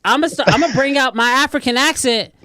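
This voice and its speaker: A man's voice: extremely high pitch, a little fast, pushed and bright, no echo, studio quality. A young man hosting a live stream, bantering and protesting in mock outrage at his friends. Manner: playful, exaggerated protests. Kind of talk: casual joking chat.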